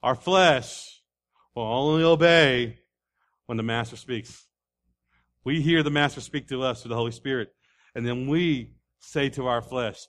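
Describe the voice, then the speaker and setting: A man preaching a sermon in a folksy way, building to loud repeated declarations. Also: medium pitch, unhurried. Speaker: pastor.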